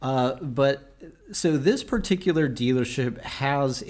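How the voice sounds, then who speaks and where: A male podcast host in loose conversation with his co-host. His voice sits at a plain middle pitch, and he talks in an animated, joking way, full of fillers and restarts. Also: a little slow. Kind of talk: casual podcast chat.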